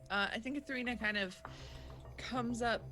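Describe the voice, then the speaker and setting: A woman's voice: a little high, normal speed, sharp tone, faint music behind. A woman playing a tabletop game, casually describing what her character does. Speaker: player.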